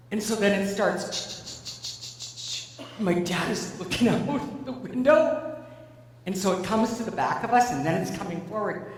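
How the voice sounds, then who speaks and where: A woman giving a keynote speech, telling a personal story in an animated, conversational way. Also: mid-range voice, a little slow, pauses often. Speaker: keynote speaker. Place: large event hall. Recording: echoey hall from far off.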